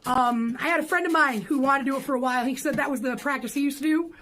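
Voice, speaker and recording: A woman's voice: high voice, fast talker, fairly bright tone. A woman streaming casually while pedaling an exercise bike, joking and swearing with chat.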